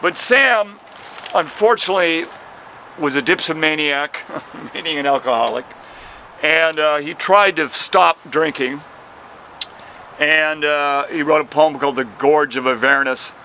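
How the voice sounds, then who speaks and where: A man's voice: fairly high pitch, pushed and bright, slight background noise. Older man ranting in the street. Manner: profane, rambling, impassioned ranting; slow, dramatic recitation of verse. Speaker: street poet. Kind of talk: rambling street monologue and poem recitation. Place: outdoors at a city train station.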